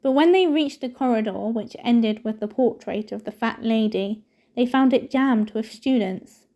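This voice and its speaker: A woman reading a novel aloud in a steady storytelling manner. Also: fairly high pitch, moderate pace. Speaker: reader.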